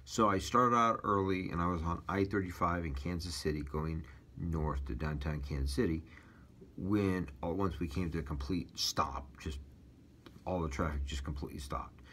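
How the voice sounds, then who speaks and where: Deep-voiced rambling Midwestern man. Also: moderate pace, a bit bright, a little hiss or hum. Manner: rambling storytelling with many fillers and restarts. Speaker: taxi driver sharing his religious testimony. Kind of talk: casual personal testimony.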